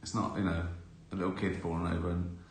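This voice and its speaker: A man's voice: sits low, little pitch movement, fast, echoey room. A middle-aged man, chatting casually on a live stream, answering viewer questions, laughing often and acting out little scenes.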